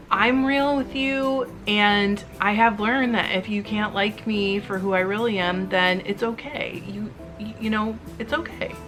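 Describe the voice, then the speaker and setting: A middle-aged woman who makes fiber arts videos, chatting candidly and emotionally with viewers while she spins, rambling with quick asides and a slightly teary edge. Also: mid-range voice, a bit bright. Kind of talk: casual chat to viewers while spinning.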